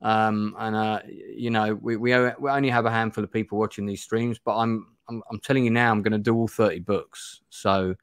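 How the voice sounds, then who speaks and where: A man's voice: fairly low pitch, flat delivery, brisk, few pauses, smooth, no room sound, studio quality. A man hosting a live stream, reading a gamebook aloud and chatting in a rambling, self-deprecating way. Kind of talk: live-stream play-through narration and chat.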